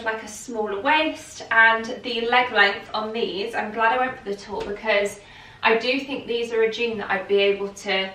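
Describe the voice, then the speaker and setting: A woman with a high-leaning, pushed and bright voice does a casual try-on chat, filled with rambling and fillers. She's congested from hay fever, and the recording echoes, with the mic set at a distance.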